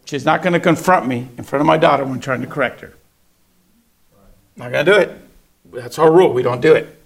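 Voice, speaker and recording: A man's voice: mid-range voice, brisk, gravelly. A middle-aged man preaching a sermon, telling a family story and acting out the voices of his family. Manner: storytelling, acts out family dialogue.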